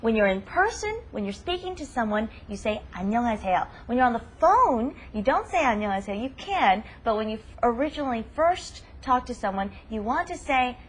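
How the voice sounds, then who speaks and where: A woman hosting a language lesson, upbeat and emphatic, drilling words slowly. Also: a little high, sing-song, husky. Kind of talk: upbeat teaching.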